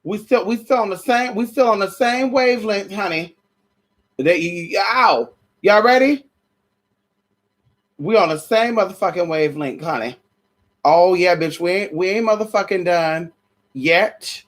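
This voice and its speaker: A sassy vlogger, sweaty and tired, speaks in an animated medium-pitched voice while preaching a swear-filled sermon-style rant. Viewers get called honey and girl amid stammered restarts, shouted ows, and slow, dramatic scripture passages.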